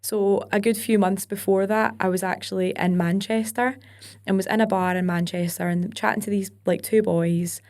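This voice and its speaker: A woman's voice: medium pitch, steady tone, darkish tone. A young Scottish woman with a Glaswegian accent, a country singer chatting casually as a podcast guest and telling stories with local words. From Scotland. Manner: chatty storyteller, quick asides with local words like wee and aye. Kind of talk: casual interview chat.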